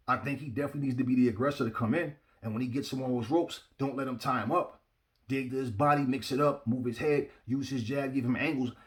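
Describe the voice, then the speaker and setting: A man giving casual boxing opinions to his viewers, blunt and emphatic, often repeating himself and speaking to the audience directly. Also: mid-range voice. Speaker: boxing commentator.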